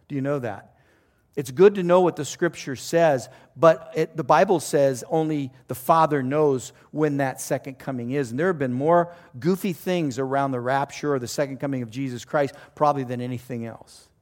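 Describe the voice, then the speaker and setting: A middle-aged or older man, a pastor preaching a conversational sermon with animated storytelling. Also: mid-range voice, fairly quick.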